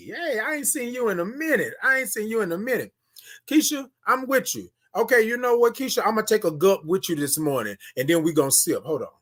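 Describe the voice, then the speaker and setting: A man's voice: high voice, fairly bright tone. A man hosting a casual morning livestream, greeting viewers by name and drawing out his good mornings. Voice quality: drawn-out sung greetings. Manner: greets viewers by name, repeats phrases, calls out to chat. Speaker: livestream host. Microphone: phone camera.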